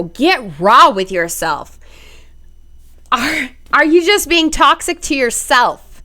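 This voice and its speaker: A woman's voice: sits high, big pitch swings, slow pace, pushed and bright. A young woman hosting a solo podcast, speaking bluntly and expressively, swearing freely and acting out inner voices. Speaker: podcast host. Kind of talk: casual solo podcast monologue.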